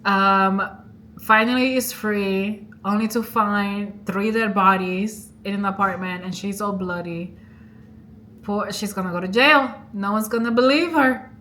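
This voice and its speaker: A young woman talks through a movie's plot in a relaxed vlog, chatty and expressive, slipping into quoted lines as she goes. Her pitch sits in an ordinary middle range. Faint background noise hangs under the close recording. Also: a little slow. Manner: chatty, animated retelling with quoted voices and laughs. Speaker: vlogger. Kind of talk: casual movie recap and review.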